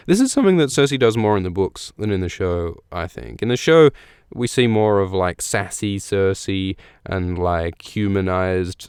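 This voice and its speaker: A man's voice: deep voice, a little mellow, clean tone, no room sound, studio quality. A man hosting a podcast, recapping a book in a chatty, rambling way full of fillers and restarts. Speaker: podcast host. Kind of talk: casual chat about a book.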